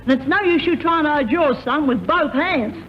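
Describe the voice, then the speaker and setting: A woman doing a brassy tough barmaid, high and scrappy, combative, old radio comedy, dull lo-fi sound. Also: moderate pace, a little hiss or hum, lightly acted. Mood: angry. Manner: brassy, combative, tags lines with "see?". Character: brash tough young barmaid. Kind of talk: 1950s radio comedy sketch.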